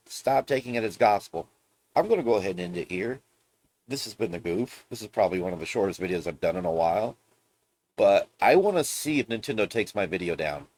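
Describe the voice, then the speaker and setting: Male gaming vlogger, low-ish voice, blunt rambling ranter who swears freely. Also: expressive, fairly quick, no echo. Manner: blunt, profane, rambling rants. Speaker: gaming video host. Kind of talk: casual ranting vlog commentary.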